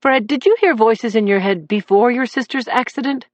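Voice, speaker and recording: A woman voicing a composed male defense lawyer who speaks calmly and matter-of-factly. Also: very high-pitched, normal speed, no room sound, lo-fi sound, pitched above the performer's own voice. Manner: calm, matter-of-fact, even. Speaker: defense attorney.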